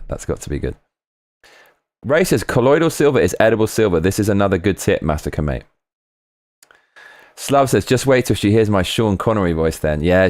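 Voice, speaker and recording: A low, deep-voiced man hosts a casual livestream, reading out chat comments and riffing on them. His delivery rambles with restarts, and it sounds dry and close, with no room echo. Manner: rambling and animated, swinging pitch, frequent restarts. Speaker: livestream host.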